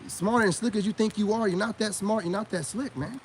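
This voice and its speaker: A man with a high-pitched voice talks straight to camera in a loose, slangy monologue, handing out blunt advice to other men. He keeps circling back with "you know what I'm saying" as he preaches. A faint hum of traffic sits behind him. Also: a little fast. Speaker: vlogger and self-styled spiritual coach.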